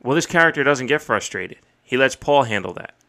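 A man hosting a podcast, recapping a wrestling show in casual, excited, profane chat. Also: medium pitch, fairly quick. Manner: excited, profane, recounts and quotes matches. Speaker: podcast host. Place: home streaming setup.

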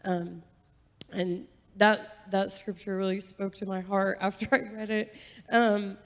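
A woman sharing a personal testimony in a church, talking earnestly and chattily with fillers and soft laughs. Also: mid-range voice, level tone, slow. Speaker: guest giving testimony. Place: church sanctuary. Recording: long reverb of a large hall.

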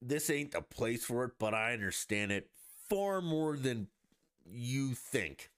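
A man's voice: medium pitch, lively intonation, slow pace, a bit bright, dry recording, studio quality. A man hosting a podcast, ranting in a blunt, profane and mocking way in a casual monologue. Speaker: podcast host.

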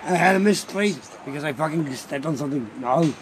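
A man co-hosting a casual karaoke podcast, joking around and trying out falsetto and inhale singing. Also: animated, a little fast, over a noisy crowd.

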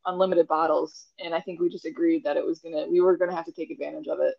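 A young woman chatting casually as a guest, laid-back and quick to laugh. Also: low-pitched, little pitch movement, creaky, lo-fi sound. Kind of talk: casual chat.

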